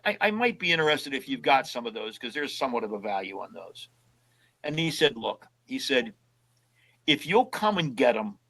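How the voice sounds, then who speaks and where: An older man sits in as a guest, telling long casual stories in a folksy way. He acts out the voices of the people he talked to as he goes. His voice sits at an ordinary middle pitch. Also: sharp tone, husky, rough recording. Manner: folksy storyteller who acts out both sides of past conversations. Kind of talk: casual storytelling interview.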